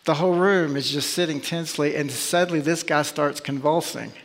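A pastor delivers a sermon with emphatic, searching rhetorical questions. His voice sits high for a man. A long reverb trails every phrase, as in a large church sanctuary. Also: a little fast.

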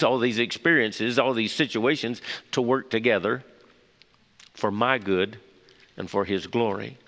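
A man leading a morning Bible study, folksy and halting, with many fillers and restarts as he tells a joke and prays. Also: mid-range voice, fairly bright tone. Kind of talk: morning devotional talk with prayer. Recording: long hall reverb.

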